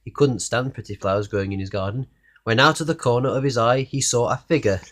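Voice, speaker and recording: A man reading a children's storybook aloud in an expressive way, asking the listener questions along the way. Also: medium pitch, fast, a little hiss or hum. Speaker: narrator reading a children's book.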